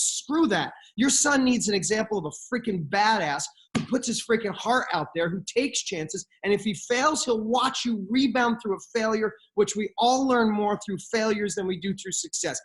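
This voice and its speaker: A man's voice: high voice, normal speed, few pauses. A middle-aged man talking as a podcast guest, giving blunt motivational advice and swearing freely.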